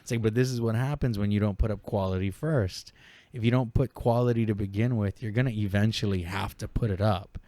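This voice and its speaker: A middle-aged man, a podcast guest, telling lively family stories in casual talk, laughing often and acting out the people he quotes. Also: on the low side, fairly quick, no room sound. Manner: animated, laughing often, quoting people in character. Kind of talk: casual storytelling. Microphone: studio podcast mic.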